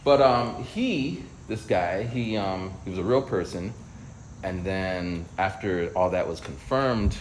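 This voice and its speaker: A man's voice: low voice, expressive, slow pace, slight background noise, rough recording. A man vlogging while walking outdoors, telling a casual story and acting out other people's voices. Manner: storytelling, acts out quoted voices.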